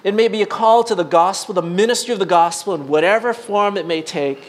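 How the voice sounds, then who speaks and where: A middle-aged male pastor preaching a sermon, telling a personal story with frequent restarts and fillers, swinging between excited bursts and hushed, quiet moments. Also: high voice, fairly quick.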